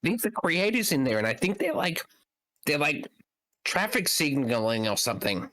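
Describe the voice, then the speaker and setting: A man with a raised voice and a very lively, swooping delivery, playing a tabletop game. He explains things eagerly and rambles, circling back over his words. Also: a little high, moderate pace, no echo. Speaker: player. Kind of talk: tabletop role-play banter.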